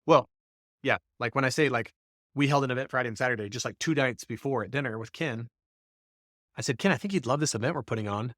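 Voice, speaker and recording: A man co-hosting a podcast, telling a long anecdote in a casual, animated way and acting out what other people said. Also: mid-range voice, fast talker, no echo, studio quality. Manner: animated storyteller, acts out quotes of others. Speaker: podcast co-host. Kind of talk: casual storytelling.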